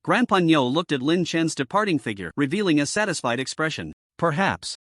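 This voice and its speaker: A man's voice: a little high, big pitch swings, a little fast, a bit bright, no echo, clean studio sound. A man reading a recap story aloud as a narrator in scripted narration.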